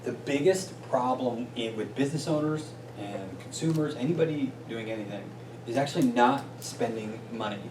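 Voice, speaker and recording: Brief: upbeat male business coach, mid-pitched, pitching a small meeting room, picked up from across an echoey space with faint hiss. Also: moderate pace. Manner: energetic, peppers points with "right?". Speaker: business coach and guest speaker. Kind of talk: motivational talk to a small group. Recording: roomy distant sound with faint noise.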